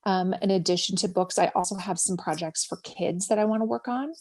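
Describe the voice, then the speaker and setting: A woman's voice: mid-range voice, fairly quick, few pauses, a little mellow. Interview guest: woman, Minnesota accent, earnest and chatty, laughs easily, mid-range voice, video call. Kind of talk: casual interview chat.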